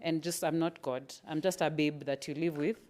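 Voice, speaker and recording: A woman's voice: sits low, moderate pace. A woman speaking frankly about parenting, acting out little scenes as she talks. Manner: frank, animated, acts out little scenes with laughs. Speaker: parent sharing at a parents' event. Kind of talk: candid reflective talk.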